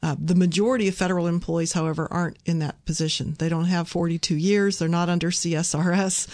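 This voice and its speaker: A woman co-hosting a live radio talk show, explaining benefits in a clear, matter-of-fact way. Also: lowish voice, fairly even intonation, quick pace, darkish tone, dry recording, clean studio sound. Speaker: radio co-host and benefits expert.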